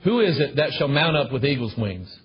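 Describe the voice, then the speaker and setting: A man preaching a sermon to a congregation in an emphatic, repetitive way, often calling out for amens, in a husky voice. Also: mid-range voice, big pitch swings, fairly quick. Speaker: pastor. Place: church with a congregation. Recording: dull lo-fi recording.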